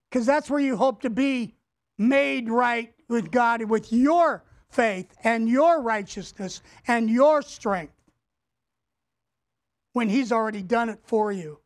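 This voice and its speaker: A man's voice: very high voice, expressive, slow. A male pastor preaching a sermon, emphatic, repeating key words and having the congregation say them back. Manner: addresses the congregation directly.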